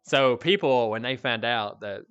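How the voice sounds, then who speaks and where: A man from Alabama with a Southern accent, chatting casually and telling stories, his voice often trailing off quietly at the ends of phrases. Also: mid-range voice, a little slow, clear, resonant tone, lo-fi sound. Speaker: guest, VR club pole dancer. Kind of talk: casual chat.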